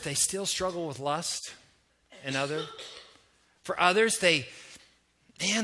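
A middle-aged pastor from Canada delivers a sermon with a bright, forceful voice pitched high for a man. His preaching is lively and conversational, and he keeps pulling his congregation in by asking them questions.

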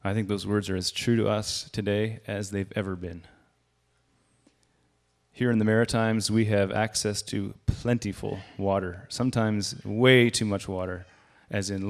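A man's voice: on the low side, steady tone, measured pace. A man giving a sermon as a guest preacher, speaking conversationally and raising his voice for quoted lines.

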